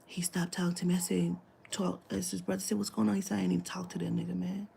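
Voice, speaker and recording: A woman's voice: on the low side, level tone, quick pace, gravelly, mellow, slight background noise. A woman telling a long story in casual talk, acting out the quoted dialogue, swearing freely and dropping into whispers. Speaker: spiritual reader telling a client story.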